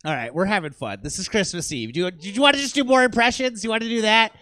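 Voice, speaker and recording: A man's voice: high voice, fast talker, sharp tone. A man doing stand-up comedy in a small theater, ranting in an exasperated, self-deprecating way to a live audience.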